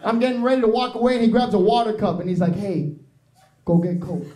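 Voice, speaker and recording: A man's voice: high voice, quick pace, noisy background. A young man doing a brash, profane stand-up comedy set, dropping into Spanish. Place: small improv theatre stage. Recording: roomy live club recording with crowd.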